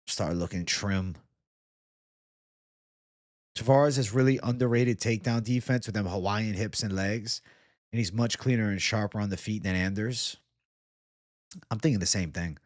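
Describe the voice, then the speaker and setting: A laid-back man hosts a casual livestream with a fairly low voice. He reads chat comments aloud, jokes around and swears offhandedly. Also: normal speed, long pauses. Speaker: livestream host.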